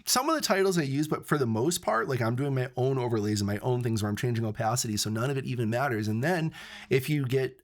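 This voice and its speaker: A man hosting a podcast, chatting casually and eagerly about editing software. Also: mid-range voice. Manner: enthusiastic, talks fast and insistent. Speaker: podcast host. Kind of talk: casual chat.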